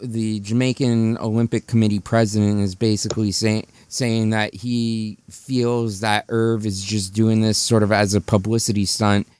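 A man in a casual podcast chat about a film, talking haltingly with repeated words and correcting details. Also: lowish voice, level tone, a little mellow, clean tone, no echo. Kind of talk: casual movie recap chat.

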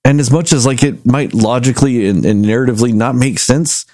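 A man casually reviewing a movie, rambling and animated as he retells scenes. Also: medium pitch, brisk, dry recording. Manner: rambling, animated storytelling with acted quotes. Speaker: movie review podcast host.

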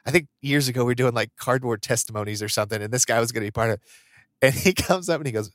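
A man's voice: medium pitch, very fast, dry recording, studio quality. A man co-hosting a podcast in casual chat, telling stories and laughing often. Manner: chatty storyteller, laughs often. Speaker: podcast co-host.

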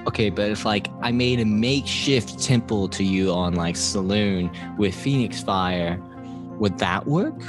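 A man's voice: on the low side, unhurried, music in the background. A man playing a tabletop game, talking casually and animatedly, swearing now and then. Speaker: player.

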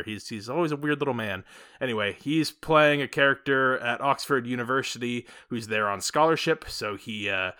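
A man with a bright, forward voice co-hosts a casual movie podcast. He talks in an animated way, throwing in quick asides and the odd swear. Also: lowish voice. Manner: animated, quick asides, swears, mimics others in quoted bits. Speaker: podcast co-host. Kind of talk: casual movie review chat.

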